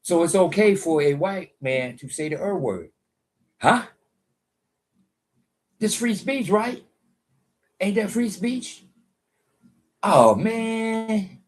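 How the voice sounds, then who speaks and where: A man's voice: high voice, expressive, slow, long pauses. An American man giving a casual monologue commentary, preachy and boastful, who keeps repeating himself for emphasis. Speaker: online commentator.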